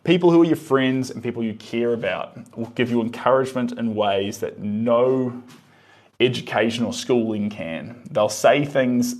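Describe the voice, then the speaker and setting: An easygoing man talks his way through a live painting stream. He murmurs quietly to himself as he works the brush and turns to answer chat in a relaxed, musing voice of middling pitch. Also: normal speed.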